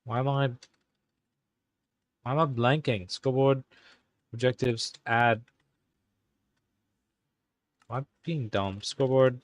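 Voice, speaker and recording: A man hosting a live stream, talking casually and halting as he types commands. He mutters to himself and corrects himself, all in an exaggerated put-on Irish accent. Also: mid-range voice, steady tone, dry recording. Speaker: live-stream host coding game commands. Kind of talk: casual live-stream commentary while typing.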